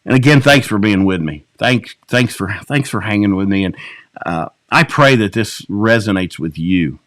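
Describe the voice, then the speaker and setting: A man leading an evening Bible study as a pastor, preaching with passion, dropping to a hush and then climbing to emphatic peaks. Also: fairly low pitch, expressive, moderate pace, no echo. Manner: impassioned, swings between hushed and rising emphatic preaching. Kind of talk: sermon.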